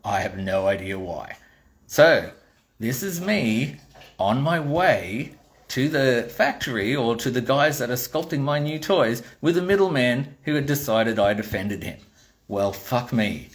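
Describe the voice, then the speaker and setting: A man's voice: medium pitch, measured pace. A middle-aged Australian man who designs toys, telling a blunt, swearing story in a casual monologue, acting out the dialogue as he goes. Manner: blunt and swearing, animated retelling with quoted dialogue. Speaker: toy designer.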